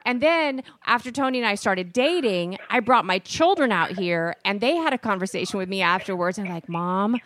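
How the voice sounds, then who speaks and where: A woman's voice: medium pitch, lively intonation, moderate pace, hardly any pauses, a bit bright, no echo. A woman co-hosting a talk show, telling personal stories in chatty casual conversation. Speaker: co-host. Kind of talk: casual chat.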